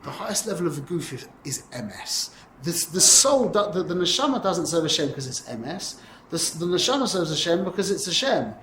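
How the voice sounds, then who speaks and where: A man with a somewhat high voice leads a Torah class, animated and quick to restart his sentences. He teaches in an echoey room with a faint murmur of ambience behind him. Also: slight background noise. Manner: animated, uses Hebrew and Yiddish terms, frequent self-corrections. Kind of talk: lively class teaching Tanya. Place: classroom with students.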